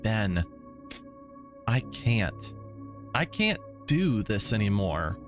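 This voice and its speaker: A distraught young schoolgirl from a story game, as a man puts her on, pouring out pleading, accusing outbursts. The voice sits low and moves slowly, with a soft wash of music underneath. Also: very animated, exaggerated voice. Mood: anguished, accusing. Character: distraught young female student, breaking down.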